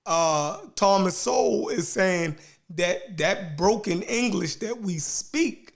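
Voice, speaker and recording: A man hosting a casual discussion who speaks slowly, with many pauses, "um"s and "right"s. His voice sits a bit high for a man. He picks his words as he goes. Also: gravelly. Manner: slow, hesitant, lots of um and right.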